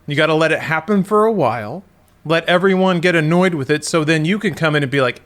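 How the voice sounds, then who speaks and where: Podcast guy in his 30s, kinda high voice, rambling and musing out loud. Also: quick pace. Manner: rambling, musing, self-correcting. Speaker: podcast co-host. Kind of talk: casual chat.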